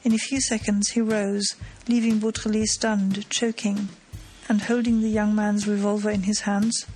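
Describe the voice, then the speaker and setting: Woman reading an old adventure novel, calm and steady, quiet music under it. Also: medium pitch, moderate pace, low-quality recording. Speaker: narrator. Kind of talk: audiobook narration.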